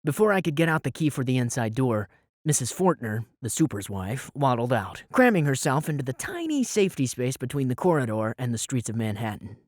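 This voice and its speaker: A man's voice: medium pitch, sing-song, fairly quick, no room sound. A man narrating a first-person audiobook in a wry, sarcastic storytelling manner, on a close studio mic.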